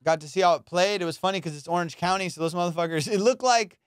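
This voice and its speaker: A man hosting a comedy podcast, telling stories in a profane, animated way. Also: sits high, fast, clean tone, no echo, clean studio sound. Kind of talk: casual podcast chat.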